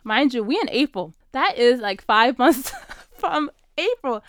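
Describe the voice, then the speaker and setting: A young woman vlogger telling a personal story in a casual, animated way, often saying "like". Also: high-pitched, a little slow, no room sound. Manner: animated, acts out quoted dialogue, frequent "like".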